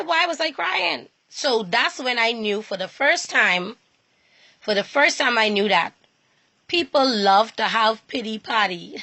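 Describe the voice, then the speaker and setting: A woman's voice: fairly high pitch, pushed and bright. A woman giving an earnest personal talk on faith, repeating herself and restarting phrases as she goes. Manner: earnest and repetitive, with halting restarts. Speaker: inspirational speaker.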